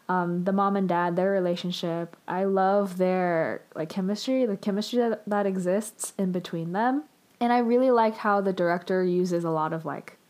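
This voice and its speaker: A woman casually recapping and reviewing a TV drama, chatty and full of fillers and restarts. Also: mid-range voice.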